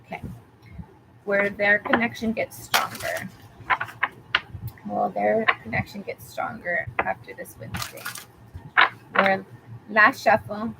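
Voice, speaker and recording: A woman giving a tarot reading, calmly reassuring the listener with affirmations and rambling a little as she talks. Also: mid-range voice, slow pace, vocal fry, pauses often, very noisy. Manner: rambling, with fillers and restarts. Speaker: tarot reader. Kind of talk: live tarot reading for a viewer.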